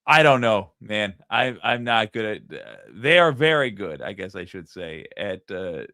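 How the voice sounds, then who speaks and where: A man's voice: fairly low pitch, animated, a little slow, sharp tone, no echo, studio quality. A man hosting a live stream, chatting casually, musing aloud and reading out viewer comments. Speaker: streamer host.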